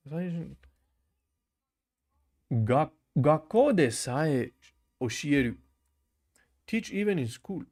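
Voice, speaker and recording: A young man with a German accent talks to his camera in a casual livestream, slightly high voice. He reads comments, says bro constantly, laughs easily and drills phrases over and over. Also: sing-song, takes it slowly, pauses often, darkish tone. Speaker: language learner livestreaming. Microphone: camera mic.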